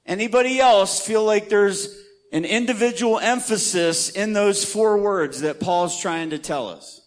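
A man leads a Bible study in a church room, speaking in an unhurried, conversational way. He keeps stopping to ask the group questions and leans on key words for emphasis. The recording is close and dry. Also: sits high, no echo. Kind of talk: interactive church teaching.

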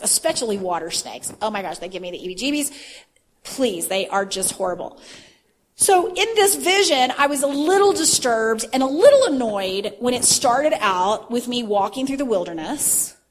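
A woman telling about a religious vision in a chatty, animated way with lots of fillers. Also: a little high, a little hiss or hum. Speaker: Christian vision sharer. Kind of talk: casual testimony talk. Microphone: phone, handheld.

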